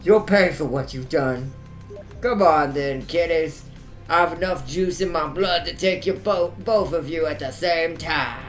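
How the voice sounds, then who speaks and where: A man's voice: sits high, unhurried, sharp tone, soft background music, pitched above the performer's own voice. A man voicing a gloating male vampire villain with a country drawl, menacing and taunting. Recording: echoey room.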